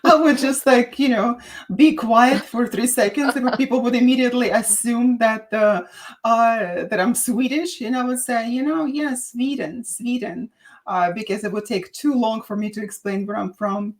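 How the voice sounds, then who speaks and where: A woman from Russia with a Russian accent, chatting as a guest and telling stories in an emphatic, animated way. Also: on the high side, moderate pace. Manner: animated storyteller, emphatic, with filler restarts. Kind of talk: casual chat.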